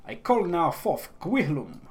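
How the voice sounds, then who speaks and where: A man voicing a proud, wary tribal chieftain, reading game dialogue in a gruff, skeptical, weighty way. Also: a little high, very animated, a little slow, heavily acted.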